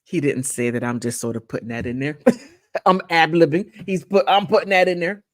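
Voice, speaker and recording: A woman's voice: deep voice, moderate pace. A woman hosting a casual commentary monologue, rambling with repeats and chatty asides. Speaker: channel host.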